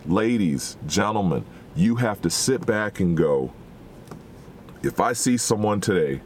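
A man with a very low voice preaches a sermon, earnest and exhorting, asking his listeners question after question. A faint low rumble runs underneath the recording.

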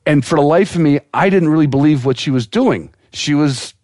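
A man telling a long story on a podcast in an animated, laughing way, as a guest who breeds dogs. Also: on the high side, a little fast, no room sound, clean studio sound.

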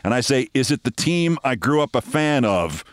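Older male host, dry close sound, wry anecdote delivery, mid pitch. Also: very animated, no echo. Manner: wry, brisk anecdotal narration. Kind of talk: storytelling monologue.

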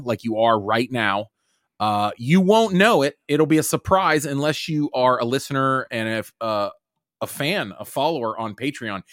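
A man in his thirties rambles through a loose, joking podcast chat, leaning on "dude" and "boom" all the time. His voice is bright and forward, recorded close on a dry, dead-sounding mic. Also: no room sound. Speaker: podcast host.

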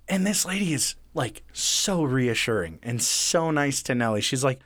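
A man's voice: mid-range voice, expressive, normal speed, hardly any pauses, fairly bright tone, dry recording, studio quality. A man retelling a story in casual, profane chat, acting out the lines of the people in it. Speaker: podcast co-host retelling a true story.

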